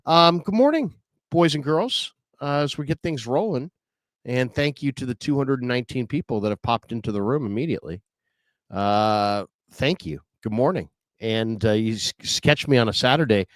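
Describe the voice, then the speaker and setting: A man's voice: medium pitch, lively intonation, normal speed, no echo. A man hosting a solo sports livestream, chatting in a rambling, casual way with lots of fillers. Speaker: podcast host.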